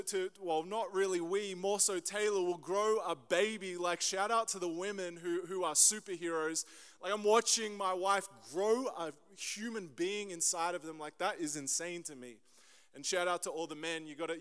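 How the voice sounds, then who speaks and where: Animated young male preacher, high clear voice. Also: long reverb tail. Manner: animated storytelling, repeats phrases for emphasis. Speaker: pastor. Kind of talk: sermon.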